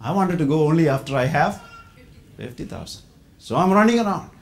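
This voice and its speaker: A middle-aged man from India giving a sermon testimony, telling his story with loud quoted lines and low asides. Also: very animated, brisk, gravelly.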